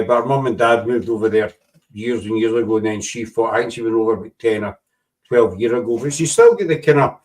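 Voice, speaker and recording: A man's voice: mid-range voice, rough recording. Rambling man chatting. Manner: rambling, with many restarts and asides. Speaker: podcast host. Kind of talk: casual chat.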